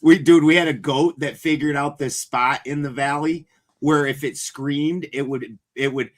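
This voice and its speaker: A man's voice: on the high side, steady tone, normal speed. A man in casual chat, telling loose, rambling stories and swearing freely.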